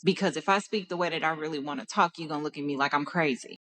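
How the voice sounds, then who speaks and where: A woman's voice: low voice, fast talker, a bit bright. Passionate Texan woman speaking candidly. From Dallas, Texas. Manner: candid and passionate, restarts often. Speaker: podcast host. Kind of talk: personal monologue.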